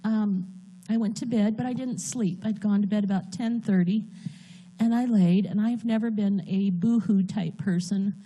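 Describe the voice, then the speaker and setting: A woman giving a personal testimony in a church, speaking earnestly and haltingly while holding back tears. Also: mid-range voice, fairly even intonation, warm tone, husky.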